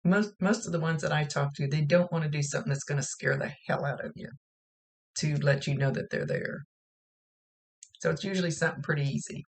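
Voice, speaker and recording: Speaking briskly in a low-pitched, steady voice, a female medium delivers a recorded reading monologue, plainly relaying what the spirits are telling her.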